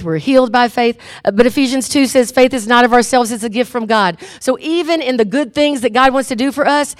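A middle-aged woman preaching a sermon, telling stories with lively acted-out voices. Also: a little high, no room sound, studio quality. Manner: animated storytelling, acts out inner voices.

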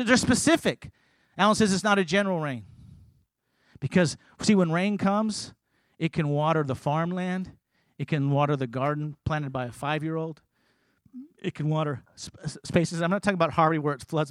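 A man preaching a sermon as pastor, emphatic and building to loud, forceful passages. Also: on the high side, brisk, dry recording.

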